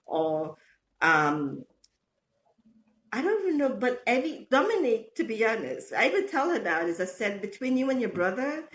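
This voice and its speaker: A middle-aged woman, a podcast guest, telling stories about motherhood in a lively way, laughing often and acting out quotes. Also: fairly high pitch, normal speed. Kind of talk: casual storytelling interview.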